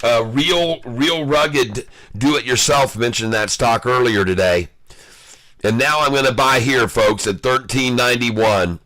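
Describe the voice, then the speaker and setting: A man giving live day-trading commentary, excitable and taunting, calling out prices and addressing viewers as folks. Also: medium pitch, no room sound. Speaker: stock day-trader streaming live.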